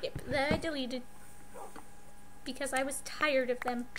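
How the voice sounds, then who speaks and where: A woman co-hosting a gameplay commentary, excitable, yelling and swearing at the game. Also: high-pitched, a little slow. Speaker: let's play co-host. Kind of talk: gaming commentary. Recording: loud background hiss.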